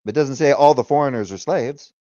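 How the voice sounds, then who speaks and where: A man's voice: mid-range voice, fairly quick, dark tone, no echo, dull audio. A man hosting a casual livestream, talking loosely, swearing freely and laughing often. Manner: retells arguments in quoted voices. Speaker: livestream host.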